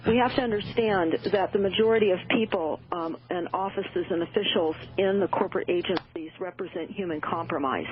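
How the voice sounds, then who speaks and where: A woman's voice: mid-range voice, a little fast, hardly any pauses. A woman talking as a radio show guest, urgent and full of uh and um fillers. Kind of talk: radio call-in talk. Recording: tinny phone line.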